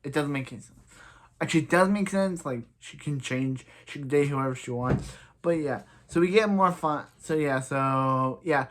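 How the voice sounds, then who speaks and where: A man's voice: a little high, normal speed. A young man casually reviewing a TV episode, rambling with lots of filler words and sounding exasperated at the characters.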